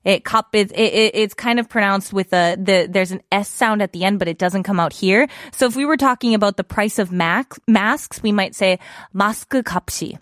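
A woman's voice: medium pitch, a little fast, few pauses, fairly bright tone, dry recording, studio quality. A woman hosting a radio show, chatting casually as she explains words and asks her listeners questions. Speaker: radio show host teaching Korean.

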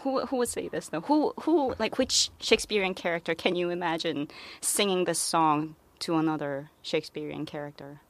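A woman hosting a radio chat, gentle and giggly, with frequent murmured agreement. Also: on the low side, moderate pace, few pauses. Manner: gentle, giggly, many mm-hmms. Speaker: radio host.

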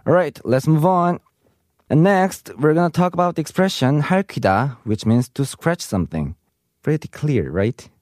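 A man teaching a scripted vocabulary lesson. He explains each term, reads the Korean example sentences briskly, then gives the English translations slowly. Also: on the high side, lively intonation, darkish tone, no echo, studio quality.

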